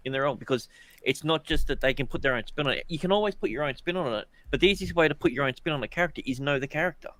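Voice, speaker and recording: A man's voice: on the high side, rapid-fire, fairly bright tone, dry recording. A man co-hosting a podcast in casual chat. He thinks aloud and sometimes trips over his words. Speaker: podcast co-host.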